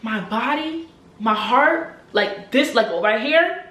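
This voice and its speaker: A young adult woman from New Jersey, USA, vlogs a personal story to camera in a casual, animated manner. Her voice is fairly high and her pace slow, with reverberant sound. She repeats phrases and sometimes drops almost to a whisper.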